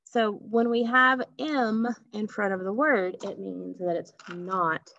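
A woman's voice: medium pitch, fairly even intonation, slow pace, creaky, a bit bright, a little hiss or hum. A woman teaching a phonics lesson to children, patiently stretching out sounds and asking questions. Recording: dull lo-fi recording.

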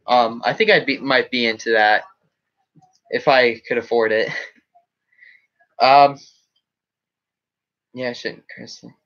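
Slow-talking man rambling on a live stream. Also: medium pitch, fairly bright tone, dull audio. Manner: rambling, reacting to chat comments. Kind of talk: casual live stream chat. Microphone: webcam setup.

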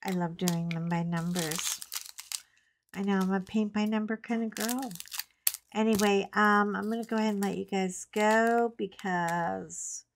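A woman's voice: mid-range voice, fairly even intonation, a little slow, slight background noise. Leisurely, chatty middle-aged woman storyteller. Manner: chatty storyteller, laughs often, colorful swearing. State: recovering from a cough. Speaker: craft channel host. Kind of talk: casual chat while painting. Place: home craft table.

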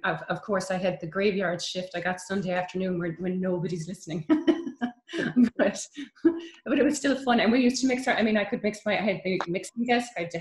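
A woman's voice: on the low side, slight background noise. A middle-aged woman, a guest on a video call, laughing often and restarting her sentences. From Ireland. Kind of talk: casual video call interview. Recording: echoey room on video call.

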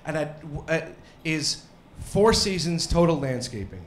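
A man in his thirties performing a stand-up comedy set, rambling and self-deprecating, now and then breaking into mock yelling. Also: on the high side, sing-song, a little fast, a little hiss or hum. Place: comedy club stage. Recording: roomy club with faint crowd ambience.

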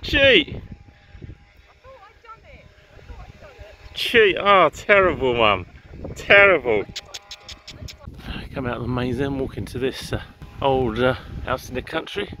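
An English man with a gravelly, creaky voice at an ordinary middle pitch chats loosely while out walking in gardens. He rambles and drops the odd swear word, and faint outdoor hum sits behind him. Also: bright, forceful tone. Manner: chatty, rambling, swears casually. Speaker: vlogger. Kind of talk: casual walking-tour vlog. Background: faint outdoor ambience with distant garden machinery.

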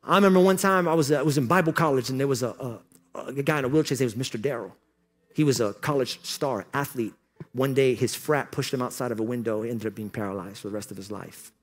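Male preacher, conference sermon, joking then fervent, mid-pitched voice. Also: quick pace. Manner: swings from joking asides to loud impassioned exhortation. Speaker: pastor. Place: conference hall.

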